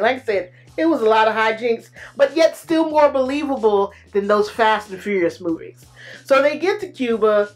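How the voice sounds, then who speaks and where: A woman talks through a film's plot in a relaxed, chatty way, stopping now and then on fillers. Her voice sits at an ordinary middle pitch. Faint music plays quietly underneath. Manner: chatty, loose retelling with fillers. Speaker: movie reviewer. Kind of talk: casual movie review recap.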